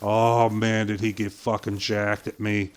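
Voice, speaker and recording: An older man streaming a game, casually telling a long story with swearing and quick impressions of other people. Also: on the low side, level tone. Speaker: gaming streamer. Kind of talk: casual storytelling while playing.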